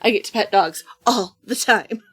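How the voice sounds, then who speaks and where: A woman's voice: mid-range voice, normal speed, fairly bright tone, breathy edge. A woman co-hosting a casual podcast, upbeat and agreeable. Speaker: podcast co-host.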